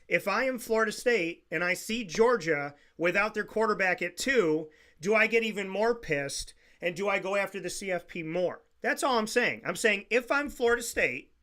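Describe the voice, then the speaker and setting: A man's voice: high voice, pushed and bright. A man co-hosting a sports talk show, insistently repeating his point in a heated debate.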